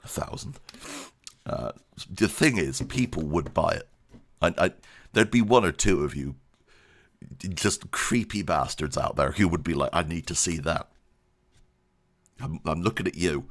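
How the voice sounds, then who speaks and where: A man's voice: sits low, expressive, measured pace, long pauses. A man giving a casual channel update, rambling and self-deprecating, laughing often. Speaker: YouTube creator.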